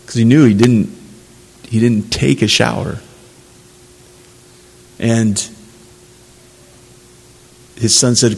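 A man's voice: mid-range voice, fairly even intonation, takes it slowly, gravelly, pauses often, a little mellow, husky, in a large hall, low-quality recording. A man preaching a sermon, earnest and conversational, building to emphatic passages. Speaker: pastor.

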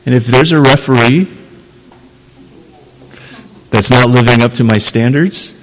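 A man's voice: medium pitch, unhurried, in a large hall, low-quality recording. A man preaching a sermon, earnest and conversational, building to emphatic passages. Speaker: pastor.

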